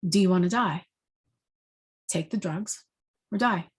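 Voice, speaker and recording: A woman voicing a blunt male doctor, flat and matter-of-fact. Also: fairly low pitch, measured pace, husky.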